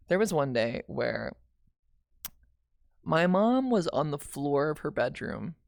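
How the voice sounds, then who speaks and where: A woman's voice: low voice, big pitch swings, slow pace, vocal fry, pauses often, darkish tone, dry recording, clean studio sound. A young woman streamer telling a painful family story in casual, candid talk, swearing and restarting often.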